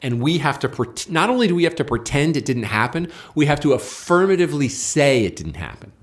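Appearing as a guest writer in a political interview, a man argues his point and acts out quoted exchanges. His voice runs on the high side with big pitch swings, and he talks a little fast.

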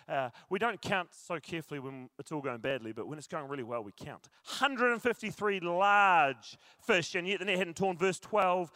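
A pastor, a man preaching to his congregation in a high, bright voice. He is jokey and chatty and keeps talking to the crowd. The sound is close and dry, with no room echo. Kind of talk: sermon. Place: church service with a congregation.

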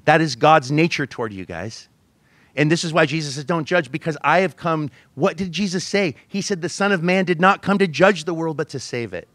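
A man's voice: on the high side, fairly quick, fairly bright tone, no echo. A pastor in his forties preaching a sermon, telling a family story with self-mocking laughs and acting out the voices he quotes.

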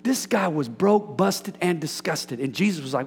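A man preaching a lively sermon as pastor, joking and calling out to the congregation. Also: on the high side, normal speed, vocal fry, slight background noise. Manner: animated, preachy, jokes with congregation. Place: church sanctuary. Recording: hall reverb.

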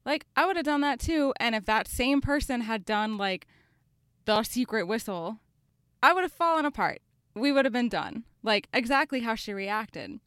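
A woman's voice: fairly high pitch, a bit bright, smooth, no echo, studio quality. A woman co-hosting a podcast, chatting casually and thinking aloud, with many filler words. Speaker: podcast co-host. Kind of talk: casual chat.

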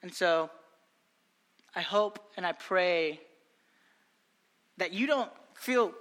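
A man's voice: high-pitched, extremely slow, fairly bright tone, in a large hall. A young adult man preaching a sermon, earnest and exhorting, often repeating phrases for emphasis. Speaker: pastor.

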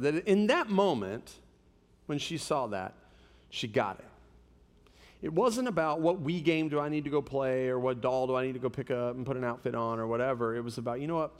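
A man's voice: mid-range voice, expressive, moderate pace, in a large hall. A pastor in his thirties preaching a sermon, conversational and telling stories with humor.

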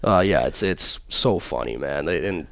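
A man's voice: very deep voice, lively intonation, normal speed, vocal fry, fairly bright tone, dry recording, studio quality. A young man and pro hockey player telling easygoing, rambling stories as a podcast guest, full of fillers. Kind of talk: casual podcast chat.

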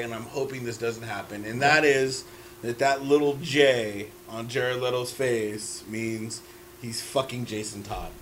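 A man's voice: mid-range voice, fairly bright tone, a little hiss or hum. A man co-hosting a casual chat, talking in an earnest, emphatic way with hesitant fillers.

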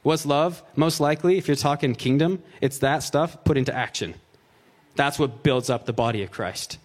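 A man's voice: mid-range voice, normal speed. A man preaching a conversational sermon. He reads scripture aloud, then explains it in plain, joking asides peppered with "like" and "right?".

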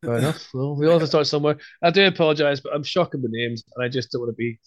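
A man's voice: a little high, racing, no room sound. Joking man hosting a podcast. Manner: joking, teasing banter. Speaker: podcast host. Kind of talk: casual podcast chat.

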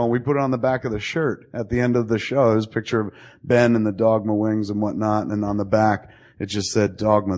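Low-voiced man telling rambling stories. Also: steady tone, fast, a little mellow. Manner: profane, rambling, laughs while telling stories. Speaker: podcast host. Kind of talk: casual storytelling.

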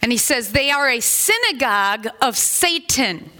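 A woman pastor preaching a sermon in a conversational, animated way, acting out quotes and adding asides. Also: fairly high pitch, a little slow. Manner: animated, acts out quotes in put-on voices.

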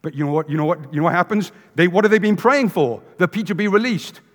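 Male preacher, expressive storyteller who shifts between loud and hushed, recorded in a big echoing sanctuary. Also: sits high, fast talker. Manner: animated storytelling, acts out voices, swings from loud to hushed. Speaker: pastor. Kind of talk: sermon. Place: church sanctuary.

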